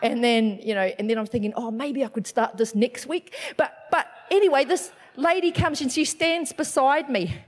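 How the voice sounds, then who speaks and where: A middle-aged woman giving a chatty, animated church message, telling a personal story with self-deprecating laughs. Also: sits high, moderate pace. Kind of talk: personal testimony sermon.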